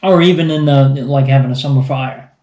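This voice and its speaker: A man co-reviewing beer in casual chat, halting and often restarting his sentences. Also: medium pitch, mellow. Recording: echoey room.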